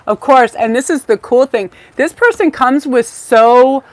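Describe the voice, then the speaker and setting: A woman's voice: sits high, animated, normal speed, hardly any pauses. A woman hosting a live-stream tarot reading, talking in an effusive, rambling, chatty way with many fillers.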